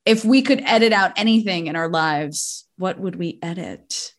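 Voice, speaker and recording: A woman hosting a casual group conversation over a video call, laughing often and asking quick follow-up questions. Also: on the low side. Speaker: host of a podcast talkback.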